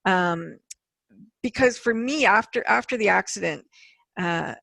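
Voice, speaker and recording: Gravelly-voiced woman host, candid. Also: mid-range voice, lively intonation, unhurried, a bit bright, no room sound. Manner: candid, storytelling with quoted voices. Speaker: podcast host. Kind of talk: casual interview chat.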